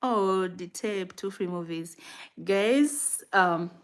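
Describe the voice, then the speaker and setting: A woman from Uganda with a Ugandan accent, chatting on her livestream and telling stories in a lively, animated way. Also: medium pitch, takes it slowly. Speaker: vlogger on a livestream. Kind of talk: casual livestream chat.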